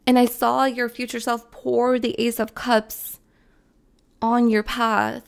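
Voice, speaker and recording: A woman's voice: on the high side, little pitch movement, slow, gravelly. A woman giving a spiritual tarot reading to camera, emotional and tearful, repeating her phrases and swearing casually. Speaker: tarot reader.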